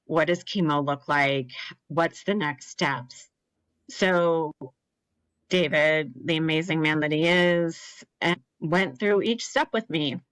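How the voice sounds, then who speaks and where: A woman's voice: sits low, takes it slowly, fairly bright tone, no room sound, rough recording. Earnest woman telling a personal story. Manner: earnest, emotional, acts out quoted voices. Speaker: podcast guest, cancer survivor.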